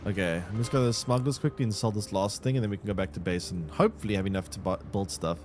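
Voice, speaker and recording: A man streaming a game live, reacting out loud and talking to his chat. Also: on the low side, fast. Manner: animated, exclaims and talks to chat. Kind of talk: live gameplay commentary. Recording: faint game music behind.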